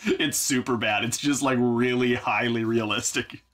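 A mid-range, fairly bright voice moves at a measured pace with few pauses. He's a songwriter filming a vlog in his home studio, musing casually as he works and making wry jokes about himself.

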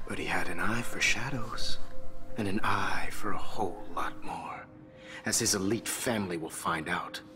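An actor playing a calm, condescending middle-aged teacher who is a villain in a game, talking in a soft, controlled whisper. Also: male voice, sits low, over music, close to an everyday voice. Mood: menacing. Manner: slow, condescending, lilting. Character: calm, menacing male photography teacher, villain.

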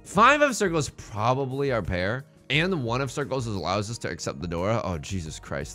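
A man's voice: lowish voice, fairly bright tone. A young man giving casual, rambling, jokey commentary while playing a tile game, full of restarts and self-mockery. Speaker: let's play host. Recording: faint music behind.

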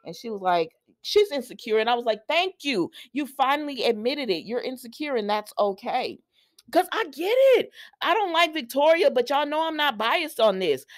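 Chatty woman recapping a soap opera. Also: a little high. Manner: chatty and animated, laughing and talking to viewers as "y'all". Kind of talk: casual recap chat.

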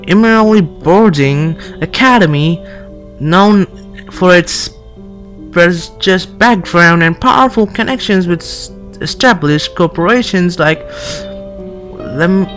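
A man reading game text aloud for a playthrough, halting and restarting words as he goes. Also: high voice, fairly bright tone. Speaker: let's-play gamer.

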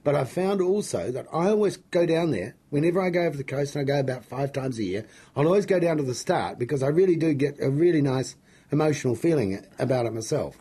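A middle-aged man with a New Zealand accent and a gravelly, husky voice, telling stories as an interview guest in an excitable, jokey, rambling way. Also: fairly high pitch, quick pace. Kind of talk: animated storytelling in an interview.

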